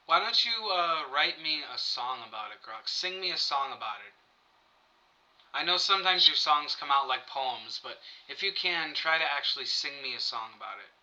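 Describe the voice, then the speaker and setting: A man hosting a casual chat with an AI, coaxing it along in a halting way and repeating himself. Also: a little high, animated, sharp tone, muffled recording. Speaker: podcast host.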